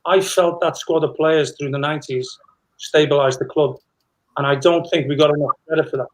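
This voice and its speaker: A man's voice: on the high side, fairly even intonation, brisk, low-quality recording. A middle-aged man, a former footballer, telling anecdotes in a rambling casual chat with many restarts.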